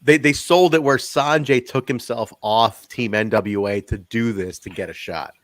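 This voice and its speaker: A man hosting a casual review chat, animated, swearing freely and laughing often. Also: mid-range voice, moderate pace, no room sound, clean studio sound. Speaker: podcast host reviewing wrestling.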